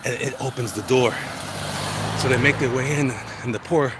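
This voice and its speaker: A man's voice: medium pitch, normal speed. A man vlogging while walking outdoors, chatty and rambling, congested in the chest and walking on sore legs. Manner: rambling, chatty, easily sidetracked. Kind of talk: casual walk-and-talk monologue. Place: outdoors, walking along urban streets. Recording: loud traffic noise outdoors. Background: passing cars and street ambience.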